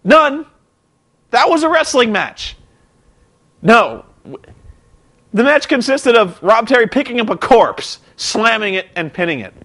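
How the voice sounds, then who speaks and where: A man's voice: very high voice, big pitch swings, measured pace, pauses often, fairly bright tone. A young man recapping a show in a rambling, incredulous, sarcastic way. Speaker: vlogger.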